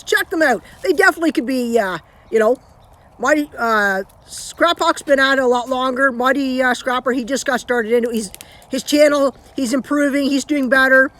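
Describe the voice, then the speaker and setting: A Canadian woman with a slightly high voice chats on a live stream, rambling loosely and often restarting her thoughts. She talks straight into her phone from home. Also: fairly bright tone. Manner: rambling, chatty, with frequent restarts. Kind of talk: casual live-stream chat.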